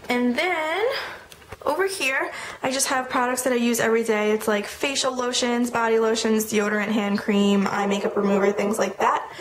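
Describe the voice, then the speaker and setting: A woman's voice: fairly high pitch, steady tone. A young woman in college, casually walking through her makeup collection and listing products in a chatty way with the occasional filler. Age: young adult. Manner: chatty, lists items quickly with fillers. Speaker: beauty vlogger. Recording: echoey room with noticeable noise.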